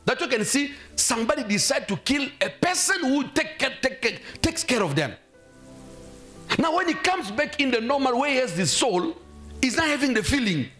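A man's voice: extremely high pitch, sing-song, moderate pace, bright, forceful tone, soft background music. A man preaching a sermon as pastor, emphatic and exhorting, often calling out hallelujah. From South Africa.

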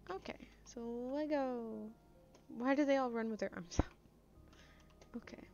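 A woman's voice: on the high side, measured pace, dark tone, soft background music. A woman casually commenting on a game she plays, chatty and playful, reading the dialogue aloud as she goes. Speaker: gamer. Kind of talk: casual let's-play commentary. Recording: dull lo-fi, faint noise.

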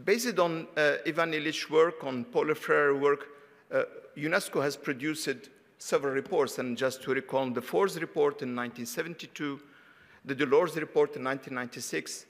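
Hesitant moderator in a reverberant hall. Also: male voice, on the high side, moderate pace, a bit bright. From Tunisia. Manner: hesitant, many fillers and restarts. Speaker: panel moderator. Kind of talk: academic panel talk. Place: conference hall.

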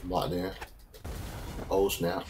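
A young man, hosting a gameplay channel, trash-talking opponents and shouting when matches heat up. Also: low voice, drawn-out words, loud music behind the voice. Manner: excitable trash talk, shouts and taunts when fighting. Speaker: gaming channel host. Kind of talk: gameplay commentary.

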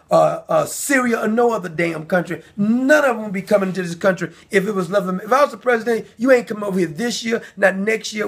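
A man hosting his own commentary video, talking in a heated, indignant rant that often rises to shouting. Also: high voice, vocal fry, husky. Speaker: commentary channel host. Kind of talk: angry ranting commentary.

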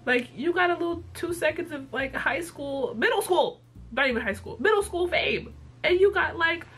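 A young woman vlogger casually retelling a cartoon episode in a profane, slangy, animated way. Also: very high voice, normal speed, soft background music. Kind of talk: casual chat.

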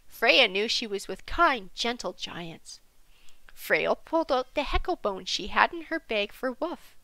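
A woman narrating a children's storybook gently, sometimes dropping to a soft whisper. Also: medium pitch, expressive, unhurried, gravelly, no echo, rough recording.

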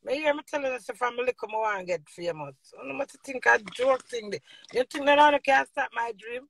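A woman's voice: fairly high pitch, fairly quick, gravelly, fairly bright tone, slight background noise. A middle-aged woman from Jamaica with a Jamaican accent, ranting boisterously to her viewers in patois and laughing often. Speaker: vlogger. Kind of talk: casual rambling rant to viewers.

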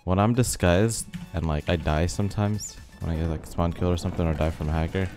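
A young man giving relaxed, rambling commentary over a game, his voice a bit rough from being sick. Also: low-pitched, brisk. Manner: rambling, filler-heavy, laid-back. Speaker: gaming video host. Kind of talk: casual commentary over gameplay. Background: faint background music.

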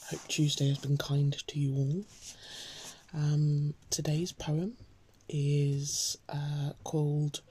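A woman talks casually to her viewers and reads a poem aloud in a soft, husky voice. Her delivery stays fairly flat and mellow, and she often drops into a near whisper. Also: low-pitched, no room sound. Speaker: host of a daily poem reading. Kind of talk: casual chat and poetry reading.

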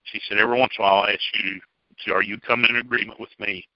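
A man's voice: on the low side, fairly even intonation, fast talker, no room sound. A middle-aged man giving a personal testimony to a church group in a folksy, plainspoken storytelling manner. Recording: dull, dry lo-fi recording.

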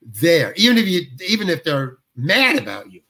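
An older male actor, a guest, telling a long anecdote and acting out the other people's dialogue with lively shifts of voice. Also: fairly high pitch, normal speed. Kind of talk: storytelling anecdote.

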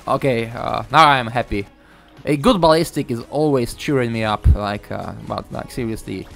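Young man, gaming commentary rant, frustrated, swearing, halting, faint background music. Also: medium pitch, gravelly, a bit bright. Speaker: gaming YouTuber. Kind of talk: ranting gameplay commentary.

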